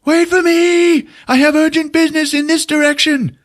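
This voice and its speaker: Shrill, self-important tiny wizard, cowardly and theatrical, as a man puts him on. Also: sing-song, a little slow, sharp tone, full character voice. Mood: panicked. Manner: indignant, theatrical. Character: pompous little male wizard, shrill and cowardly.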